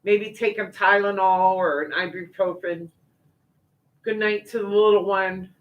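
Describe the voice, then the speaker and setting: A woman talks to her livestream viewers in a relaxed, chatty way. She rambles in a folksy manner, with fillers and little asides, and her voice is neither high nor low. She sounds older and easygoing. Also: measured pace, lo-fi sound. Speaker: livestream host reading viewer comments. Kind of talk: casual chat.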